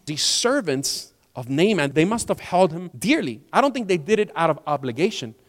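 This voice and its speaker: A man pastor preaching a sermon in a church, animated and acting out the people in his story. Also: a little high, moderate pace. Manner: animated, acts out quoted voices. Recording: long church hall reverb.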